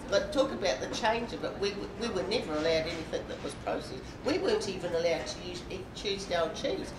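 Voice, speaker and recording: A woman's voice: lowish voice, animated, a little fast. A woman sharing plain, matter-of-fact opinions in a casual group chat. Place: library meeting room. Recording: echoey room from far off, with background noise.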